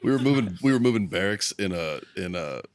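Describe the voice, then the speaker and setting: A man's voice: low voice, lively intonation, brisk. A man hosting a casual podcast, telling a crude army story with lots of swearing and laughter. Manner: profane, laughs while telling stories. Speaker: podcast host.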